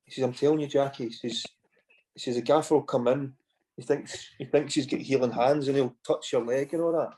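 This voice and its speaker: A man's voice: medium pitch, fairly even intonation, fairly quick, dark tone. Scottish man telling rambling anecdotes. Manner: rambling anecdotes with frequent "you know" and swearing. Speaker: podcast guest, former footballer. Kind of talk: casual storytelling chat.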